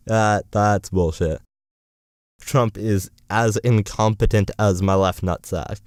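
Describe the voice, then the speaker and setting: A man's voice: lowish voice, fairly even intonation, takes it slowly, a little mellow, no echo, clean studio sound. A young man in college rambling through a profane, sarcastic political rant as a vlogger. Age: young adult.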